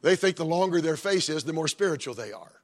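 Middle-aged man, pastor, husky, chatty sermon delivery with asides. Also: on the high side, lively intonation, fast talker. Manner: folksy, conversational preaching with joking asides.

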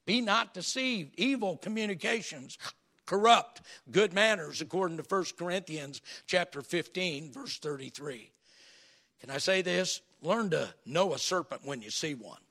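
A man preaches from the pulpit, his high voice raspy and gravelly as he tells folksy stories. His tone is bright and a little strained, and he keeps it animated throughout. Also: unhurried. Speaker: pastor. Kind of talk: sermon.

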